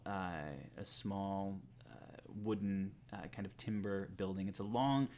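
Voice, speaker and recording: A man narrating a tabletop game as game master, halting with many filler sounds. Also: deep voice, slight background noise.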